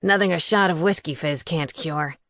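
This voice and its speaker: A woman's voice: low voice, moderate pace, a bit bright, pitched below the performer's own voice. A woman narrator voicing a brusque, smug male sheriff with a curt manner. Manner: curt, condescending.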